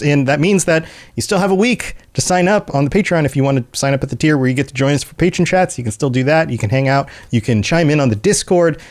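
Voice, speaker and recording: A man's voice: mid-range voice, a little mellow. A man hosting a podcast, chatting casually and laughing often as he wraps up the episode. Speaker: podcast host. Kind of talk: casual chat.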